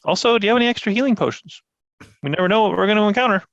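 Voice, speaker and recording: Man playing a tabletop game in character, higher voice, bouncy, kinda dull dry mic. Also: rapid-fire, a bit bright, no echo. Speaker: player.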